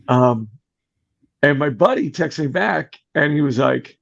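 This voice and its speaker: Gravelly middle-aged man telling a story. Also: a little high, unhurried. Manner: animated, acts out quoted voices. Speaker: podcast guest. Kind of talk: casual storytelling. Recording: muffled lo-fi podcast audio.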